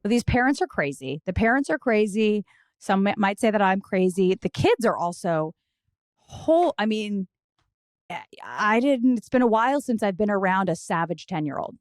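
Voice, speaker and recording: A woman co-hosting a podcast, chatting casually and telling stories in an animated way. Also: mid-range voice, moderate pace, no echo, studio quality. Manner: animated storytelling with restarts and swearing. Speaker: podcast co-host. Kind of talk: casual chat.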